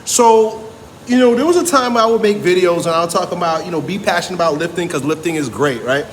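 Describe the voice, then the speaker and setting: A blunt, emphatic man talks casually about training with a fairly high voice. He keeps tossing in "right?" and swears without hesitation. His voice rings with a long echo over a faint background hiss. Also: animated, fairly quick. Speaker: strength coach. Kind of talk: casual motivational talk to camera.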